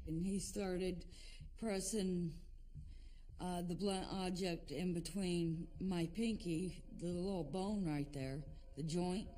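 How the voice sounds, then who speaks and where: A woman's voice: on the low side, steady tone, slow, dark tone. A woman telling of an ordeal she lived through as a prison officer, in a documentary interview, in a plain, matter-of-fact way.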